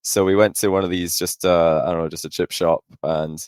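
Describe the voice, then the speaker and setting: A young man, a podcast guest, chatting casually and rambling through animated anecdotes. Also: sits low, fairly quick, clean tone, dry recording, studio quality. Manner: rambling storyteller, animated when telling anecdotes. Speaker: podcast guest, esports pro.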